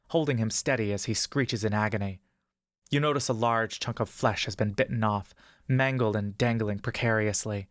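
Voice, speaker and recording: A man narrating a fantasy adventure story in the second person, with steady, measured pacing. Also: mid-range voice, dry recording, studio quality.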